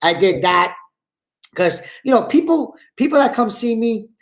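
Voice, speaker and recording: A guest actor and comedian with a Brooklyn accent chats casually in a live video-call interview. His high-sitting voice has lively intonation, vocal fry, and a slightly slow pace, and he rambles on, full of "you know" and "like."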